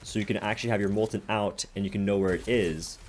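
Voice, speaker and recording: A man's voice: fairly low pitch, steady tone, fast, a little mellow, slight background noise. A man who hosts a gaming channel, casually explaining his game builds step by step in a voice-over.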